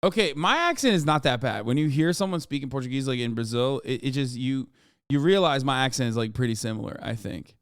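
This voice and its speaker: A male streamer talks into a desk mic in a smooth, clean tone with a dry, close sound. He rambles through his reactions with sarcasm and lots of "like" fillers. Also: mid-range voice, expressive, a little fast, no echo. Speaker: streamer host. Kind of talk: livestream reaction commentary.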